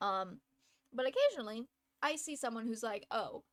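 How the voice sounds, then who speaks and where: A woman's voice: fairly high pitch, big pitch swings, normal speed. A woman live streamer telling a story in a chatty, casual way, laughing often between phrases. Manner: chatty, lots of fillers and restarts.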